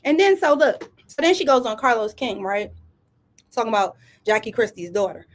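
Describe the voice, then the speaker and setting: A woman hosts a casual commentary show. Her voice sits a little high, and she talks in a sassy, emphatic way full of rhetorical asides. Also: sing-song, normal speed. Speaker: commentary host.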